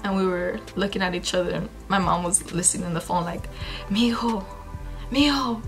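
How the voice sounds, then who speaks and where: A woman in a vlog, recounting a personal loss in a halting, emotional way, full of fillers and restarts. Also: lowish voice, flat delivery, faint music behind, poor audio. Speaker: vlogger. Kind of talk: personal storytelling.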